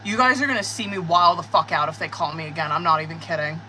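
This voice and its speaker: A woman doing a live-stream tarot reading, talking straight to her viewers in an excitable, profane, chatty way. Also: low-pitched, quick pace, soft background music, poor audio. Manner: excitable, cursing, talks to viewers. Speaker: tarot reader.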